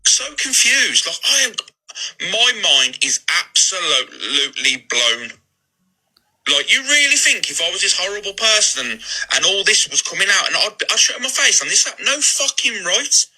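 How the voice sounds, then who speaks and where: A man's voice: sits high, sing-song, normal speed, pushed and bright, rough recording. A man ranting defensively on a live stream, agitated and swearing often. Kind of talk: heated live-stream rant.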